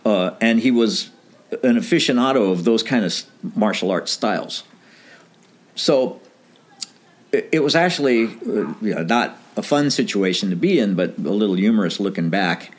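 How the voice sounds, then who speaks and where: A man's voice: lowish voice, normal speed. A middle-aged man casually telling a story from his band days, acting out the dialogue and laughing now and then. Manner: animated anecdote with quoted dialogue, laughs often.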